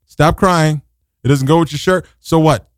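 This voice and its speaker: A man hosting an internet radio show from a New studio, delivering a comic rant that swings into shouted, mocking voices. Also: on the high side, normal speed, no echo. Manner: exasperated ranting, shifts into shouted mocking voices.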